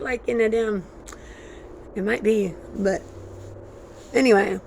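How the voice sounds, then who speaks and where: A woman vlogging in a rambling, excitable stream-of-consciousness monologue. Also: mid-range voice, normal speed, creaky, long pauses, slight background noise. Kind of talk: casual monologue.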